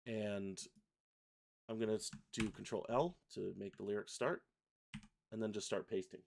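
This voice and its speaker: Male host for a software tutorial stream: low, gravelly, unhurried, talks while typing. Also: slight background noise. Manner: relaxed, chatty, reads lyrics aloud while typing and clicking. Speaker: host, software product designer. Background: keyboard typing and mouse clicks.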